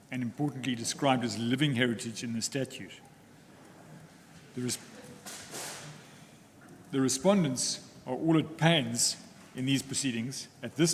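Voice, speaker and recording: A man, arguing as counsel in court in a formal, deliberate way with frequent pauses. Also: mid-range voice. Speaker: counsel for the applicants. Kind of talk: formal legal argument in court. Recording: echoey courtroom with faint ambient noise.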